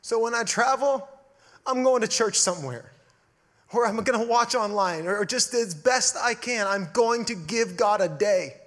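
A pastor preaching to his congregation, emphatic and earnest, swinging between loud declarations and quiet, intimate asides. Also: high voice, moderate pace. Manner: emphatic preaching, swelling and dropping to a hush. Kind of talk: sermon.

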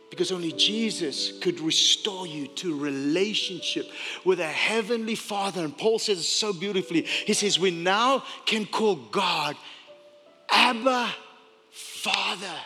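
A man preaching a sermon as pastor, swinging from loud urgent preaching to hushed, whispered prayer. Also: sits high, normal speed. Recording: echoey hall with music behind.

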